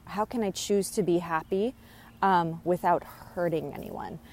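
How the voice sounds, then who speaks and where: A woman's voice: fairly low pitch, unhurried, a little mellow, a little hiss or hum. A woman talking casually as she relays a spirit's messages, hesitant with many fillers and restarts, laughing now and then. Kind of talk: casual channeling monologue.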